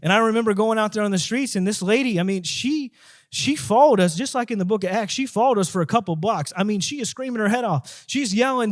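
A man with a high-pitched voice tells his testimony as a guest evangelist. He talks emphatically, repeating his points and rising into a preaching tone. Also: fast talker. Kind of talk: testimony told in an interview.

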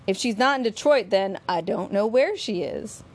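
A woman's voice: medium pitch, lively intonation, normal speed. A woman reading aloud, voicing a defiant young male activist who protests and presses questions.

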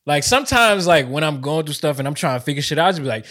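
A man from the DMV area of the US, co-hosting a podcast in casual chat, laughing often and swinging between soft and loud. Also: on the high side, big pitch swings, very fast, very noisy. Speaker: podcast co-host.

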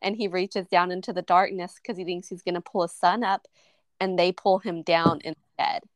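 A woman's voice: on the low side, steady tone, moderate pace, dry recording. A woman co-hosting a podcast, casually recapping a horror movie scene by scene with lots of "um" and "like". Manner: recaps scenes at length with many fillers. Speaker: podcast co-host. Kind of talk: casual movie review chat.

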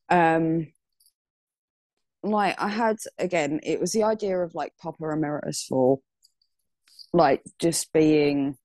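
A woman from the UK speaks slowly in a low voice as a podcast guest. She hesitates often and restarts her sentences. The sound is dry and close. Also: darkish tone, dry recording. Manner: hesitant, many ums and restarts. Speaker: guest artist. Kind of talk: casual interview chat.

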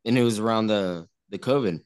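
A man's voice: lowish voice, brisk, a little mellow. Rambling man telling a story. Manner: rambling, repeats himself, acts out quotes. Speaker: party guest. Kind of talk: casual storytelling. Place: indoor party room.

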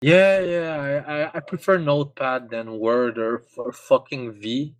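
A man's voice: mid-range voice, steady tone, measured pace. Stammering, profane podcast co-host man. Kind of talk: casual podcast chat.

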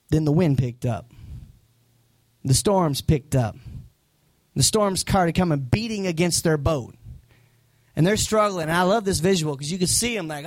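Man, pastor, sermon, high voice, dramatic swoops, dry close sound. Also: dry recording. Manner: animated preaching, acting out disciples' voices.

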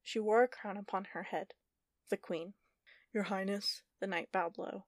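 A woman narrating a fantasy story in a steady, measured audiobook style. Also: mid-range voice, no room sound, studio quality.

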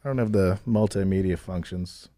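A man's voice: deep voice, normal speed, dark tone. A man with a Chicago accent, a comedian guest on a podcast, talking loosely and mocking himself. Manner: loose, joking, self-mocking. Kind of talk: casual chat.

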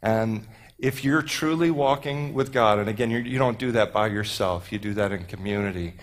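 A man's voice: on the low side, moderate pace. A man from Houston preaching a casual, joking sermon to a youth group, with many fillers and restarts. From Houston, Texas. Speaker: pastor.

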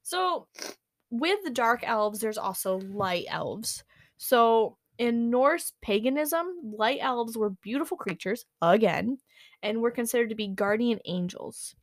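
A woman's voice: a little high, expressive, a little slow, no room sound. A woman chatting casually as a podcast co-host, filling her talk with "like" and "um" and laughing often. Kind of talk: casual chat.

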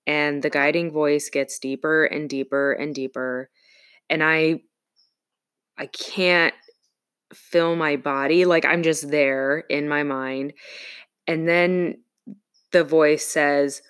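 A woman speaks slowly and with care, in a fairly low voice, as she tells a personal story. Her delivery is earnest and reflective, with halting pauses and restarts. The conversation is casual. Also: fairly even intonation, fairly bright tone, smooth.

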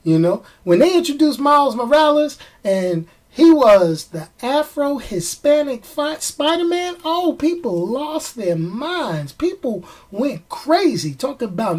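A man's voice: very high voice, very animated, unhurried, hardly any pauses. Chatty man with a New York accent. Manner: chatty, emphatic, repeats phrases for effect. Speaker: vlogger commenting on movies. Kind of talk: casual chat to camera.

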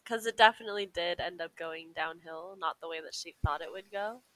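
A woman's voice: fairly low pitch, a bit bright, rough recording. A woman co-hosting a podcast in casual chat, talking loosely and laughing often. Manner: chatty, laughs often, quotes characters in quick put-on voices. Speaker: podcast co-host.

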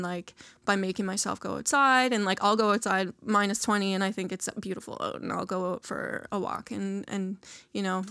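Casual woman guest, mid pitch, dry close mic, talks loosely with lots of "like". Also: a bit bright, smooth, no echo. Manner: chatty, many fillers, laughs often. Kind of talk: casual interview conversation.

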